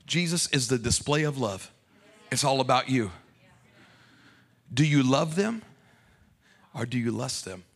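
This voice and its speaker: A male pastor preaching a sermon in an animated, playful way, joking back and forth with the congregation. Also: mid-range voice, unhurried, gravelly, long pauses.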